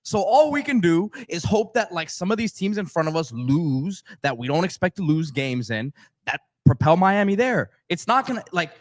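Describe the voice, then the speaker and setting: A man on a sports podcast with a high voice that swings widely in pitch. He sounds exasperated, tripping over his first words before repeating his point firmly. It is loose, unscripted talk. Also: sing-song, normal speed. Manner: exasperated, repetitive, stammering starts. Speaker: podcast co-host.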